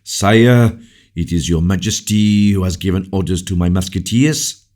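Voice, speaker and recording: A man voicing a proud, angry musketeer captain speaking forcefully and with indignation. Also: low voice, measured pace, slightly rough. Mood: indignant.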